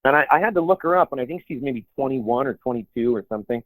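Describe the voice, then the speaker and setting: A man's voice: mid-range voice, lively intonation, quick pace, no echo. A man co-hosting a podcast in casual chat, rambling with many restarts and put-on quotes. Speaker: podcast co-host. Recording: tinny phone-like sound, dry.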